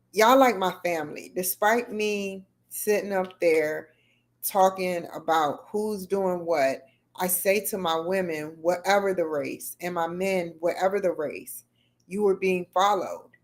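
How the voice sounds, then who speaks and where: Middle-aged woman on a livestream, lowish voice, rambles and talks back to her chat. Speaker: livestream host. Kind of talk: casual livestream chat with viewers.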